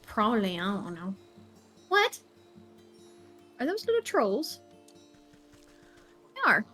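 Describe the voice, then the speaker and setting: A woman's voice: fairly high pitch, wildly swooping pitch, takes it slowly, sharp tone, soft background music. A woman co-hosting a gaming channel, chatting offhandedly while playing. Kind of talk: casual gaming chat.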